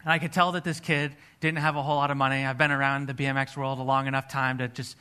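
Bright-voiced earnest male preacher. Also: mid-range voice, level tone, fast talker, clear, resonant tone. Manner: earnest storytelling, acts out his own past dialogue. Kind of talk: sermon with personal testimony.

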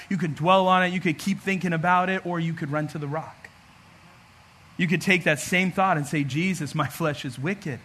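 A man preaching a sermon as pastor, animated and humorous, acting out everyday scenes. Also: fairly high pitch, a little hiss or hum.

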